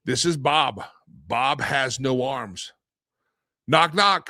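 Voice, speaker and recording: A man's voice: medium pitch, very slow, sharp tone, no echo. Rambling middle-aged male stream host. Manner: rambling, repeats and restarts often, chuckles. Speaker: show host. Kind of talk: casual daily live-stream monologue.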